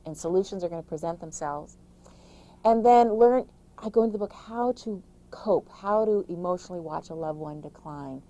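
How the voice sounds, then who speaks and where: A middle-aged woman, an author, giving emphatic, rapid-fire caregiving advice in an interview, with frequent restarts. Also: mid-range voice, mellow, low-quality recording. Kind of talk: interview answers.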